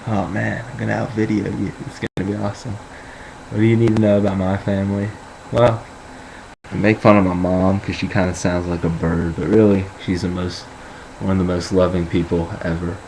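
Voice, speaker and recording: A man's voice: low-pitched, flat delivery, a little fast, creaky, a little mellow, a little hiss or hum, poor audio. A young man rambling casually in a vlog, joking and boasting.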